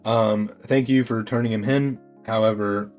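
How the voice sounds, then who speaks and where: A man voicing a stern, weary dog police chief, speaking in a flat, lecturing way. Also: on the low side, measured pace, faint music behind, natural voice.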